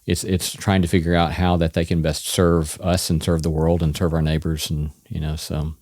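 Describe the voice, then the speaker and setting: A man hosts an interview, musing reflectively and backing his guest with quiet yeahs. His voice is very low. The recording is dry and close. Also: flat delivery, moderate pace, dry recording. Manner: thoughtful, reflective, frequent yeahs. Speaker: podcast host. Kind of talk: conversational interview.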